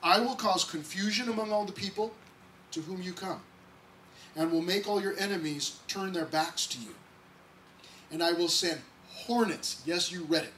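A man preaching as a pastor in a church, with an excitable, conversational delivery full of restarts and asides. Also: high voice, normal speed. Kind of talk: sermon. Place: church sanctuary. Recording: distant mic, faint background noise.

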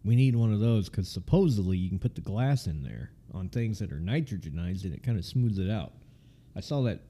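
A man's voice: mid-range voice, warm tone, husky. A man co-hosting a casual podcast, chatting and joking while he tastes beer, laughing often and swearing offhandedly. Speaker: podcast co-host.

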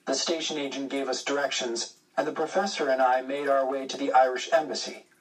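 A man reading a first-person adventure story aloud, with steady, measured narration. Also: medium pitch, far from the mic, low-quality recording. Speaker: audiobook narrator.

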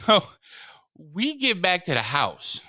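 A man's voice: sits high, slow, no room sound, studio quality. A man telling a funny story in casual chat, swearing and acting out what everyone said. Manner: animated, swearing storyteller who acts out quotes.

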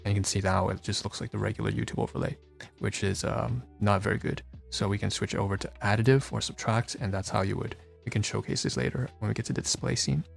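A man with a deep, gravelly voice gives a casual walkthrough of his streaming setup. His delivery stays flat and halting as he stops, restarts and corrects himself. He sounds stressed and a little detached, with faint music playing behind him. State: stressed, feeling dissociated. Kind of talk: casual screen-share walkthrough.

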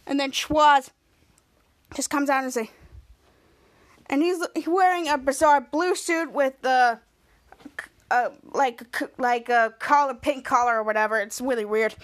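A woman's voice: high voice, fairly even intonation, measured pace, pauses often, no room sound. A woman podcast host casually recapping a TV episode, retelling scenes with lots of quoted lines.

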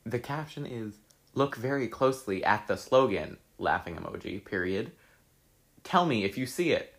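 A man's voice: mid-range voice, normal speed. A young man chatting casually as he reads out his old social media posts, laughing and swearing at them. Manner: laughing, swearing, excitable reactions. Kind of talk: casual chat.

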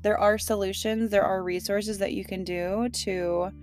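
A woman's voice: medium pitch, steady tone, unhurried, a little mellow, soft background music. Chatty young woman hosting a podcast. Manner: chatty, emotional, many fillers and laughs. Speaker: podcast host. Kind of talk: casual heartfelt podcast talk. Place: sitting in her car.

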